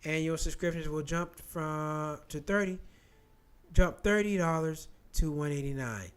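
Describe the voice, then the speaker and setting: Man, high voice, animated profane ranting, reading news and riffing. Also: a little slow, clear, resonant tone. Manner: animated, profane, repetitive rant. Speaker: commentary channel host. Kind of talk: ranting commentary, reading headlines.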